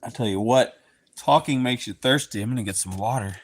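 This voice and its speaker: A man's voice: medium pitch, fairly quick. Chatty Texan man on a livestream. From Southeast Texas. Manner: chatty and playful, slipping into goofy voices. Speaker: livestream host. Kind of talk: casual live chat with viewers.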